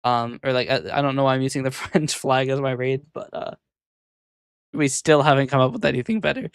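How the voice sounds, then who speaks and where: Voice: medium pitch, brisk, clear, resonant tone, no room sound. Rambling, hesitant streamer with a dry sound. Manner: rambling, hesitant, muttering to self. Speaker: VTuber streamer. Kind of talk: casual live-stream chatter.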